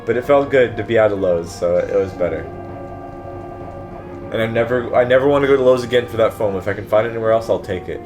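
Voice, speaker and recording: A man's voice: lowish voice, quick pace. A man telling an exasperated, profane story in casual chat while playing a video game with a friend. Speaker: let's play co-host. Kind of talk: casual ranting story over gameplay. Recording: game music playing underneath. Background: game music.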